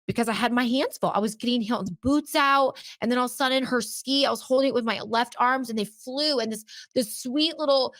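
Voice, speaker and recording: Animated woman telling stories. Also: fairly high pitch, fairly quick, few pauses, no room sound, studio quality. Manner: animated, exclaims and acts out quotes. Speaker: podcast co-host. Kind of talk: casual chat, storytelling.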